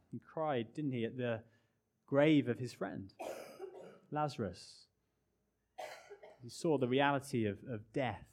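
Earnest male preacher, hushed and rising. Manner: earnest, swings from loud emphasis to hushed low phrases. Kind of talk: sermon.

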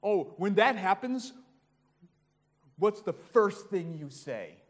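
A man with a high voice preaching a sermon. He swings between hushed, low asides and loud, raised passages, with an animated delivery. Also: takes it slowly.

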